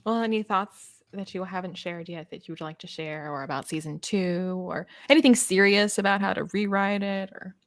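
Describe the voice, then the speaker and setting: A woman's voice: medium pitch, moderate pace. A woman hosting a casual chat, laughing often and acting out quoted lines. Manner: giggly, animated, mimics characters in quoted lines. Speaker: podcast host.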